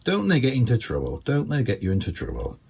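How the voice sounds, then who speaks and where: A man's voice: fast talker, creaky, slightly rough. An older man with a Scouse accent doing a rambling stand-up comedy routine, full of ums and asides. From England. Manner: rambling, filled with ums and you-knows, lively pitch swings.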